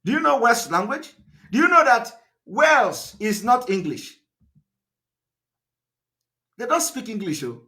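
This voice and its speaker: A man's voice: very animated, measured pace, pauses often, pushed and bright. A man giving a live political broadcast, emphatic and repetitive, firing rhetorical questions at his listeners. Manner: fillers and restarts, pitch swings up and down.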